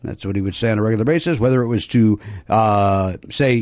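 A man's voice: medium pitch, brisk, a little mellow, no echo. A middle-aged man hosting a comedy podcast, talking casually and self-deprecatingly with lots of filler words. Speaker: podcast host. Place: podcast studio.

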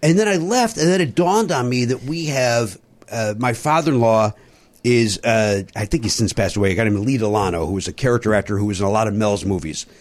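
A middle-aged man telling show-business stories in casual chat, animated and quick to slip into voices. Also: fairly low pitch. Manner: animated storyteller who slips into voices. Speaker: comedy warm-up performer and guest.

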